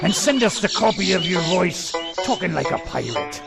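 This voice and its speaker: A man voicing a gruff, swaggering male pirate captain in a radio promo, with hearty drawn-out calls. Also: sits high, sing-song, voice pushed up, exaggerated voice. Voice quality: gravelly pirate growl. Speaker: co-host doing a promo. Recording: loud music bed behind.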